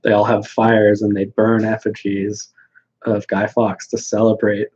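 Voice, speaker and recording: Blunt, rambling man with a husky voice. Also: fairly low pitch, monotone, measured pace, a little mellow, muffled recording. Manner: blunt, dismissive, rambling with many fillers. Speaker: host answering viewer questions. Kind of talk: casual livestream chat.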